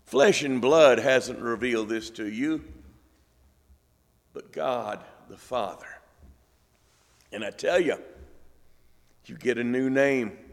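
A man's voice: mid-range voice, takes it slowly, pauses often, in a large hall. A man acting out a playful, teasing teacher in a sermon, exclaiming in a jokey tone. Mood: jovial.

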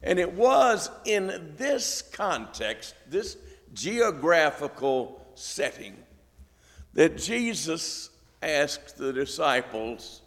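A man's voice: fairly high pitch, sing-song, very slow, fairly bright tone, in a large hall. A man preaching a sermon, with folksy, joking asides.

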